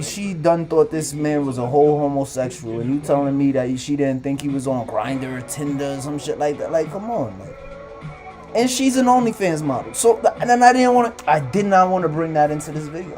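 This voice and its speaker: A man's voice: on the high side, brisk, soft background music. A man hosting a live stream, ranting casually and profanely about relationships and social media. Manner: loose, profane, animated rants. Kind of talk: casual commentary monologue.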